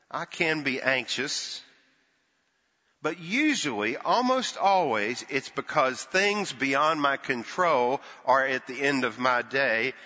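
Older male preacher in an echoing hall. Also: mid-range voice. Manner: storytelling, acts out quoted voices with hushed and lifted tones. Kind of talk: sermon. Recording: dull sound with long hall reverb.

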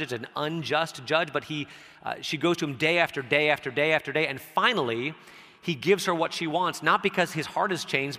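A man preaching a sermon in a conversational way, dropping soft and low, then rising when he quotes scripture. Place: church sanctuary. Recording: church hall reverb.

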